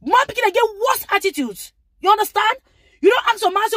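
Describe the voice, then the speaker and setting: A woman's voice: very high-pitched, animated, fast, bright, forceful tone, no room sound, studio quality. A woman with a Nigerian accent giving rambling, lecturing advice in a casual live-stream monologue. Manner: rambling, lecturing, with frequent asides.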